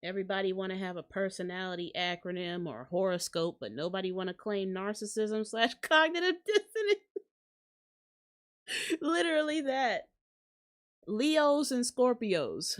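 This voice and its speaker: A woman's voice: fairly low pitch, clean tone. A young woman hosting a casual commentary rant, blunt and profane, laughing often and mocking people in put-on voices. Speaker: commentary channel host.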